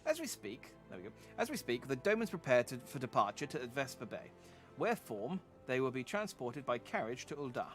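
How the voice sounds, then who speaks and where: A man's voice: medium pitch, very animated, faint music behind, natural voice. A man reading a stately lord giving orders. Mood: formal. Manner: formal, measured.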